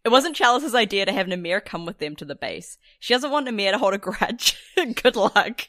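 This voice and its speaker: A woman co-hosting a podcast, recapping a novel chapter in casual chat, laughing often and dropping swears and animated asides. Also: medium pitch, normal speed, no room sound. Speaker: podcast co-host summarizing a novel.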